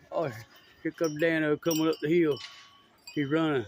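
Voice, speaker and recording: A man drawls through an amused running commentary, his voice high and his pace unhurried. He is outdoors by a road, filming on his phone. The audio is dull and lo-fi. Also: steady tone. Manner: drawling, amused, chatty asides. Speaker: former police officer filming a police call. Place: outdoors along a roadside. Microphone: phone camera.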